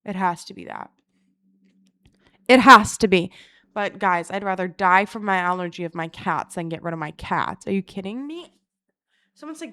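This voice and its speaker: Young woman, casual vlogger, swears freely, animated storyteller, talking to her phone camera at home. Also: mid-range voice, normal speed, pauses often. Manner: profane, animated storytelling with acted-out quotes. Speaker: content creator. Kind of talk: casual vlog chat.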